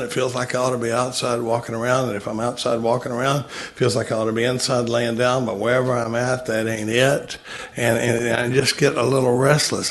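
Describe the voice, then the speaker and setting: A man speaking at a recovery meeting, walking through a recovery text and telling folksy, self-mocking stories with plenty of humor. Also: medium pitch.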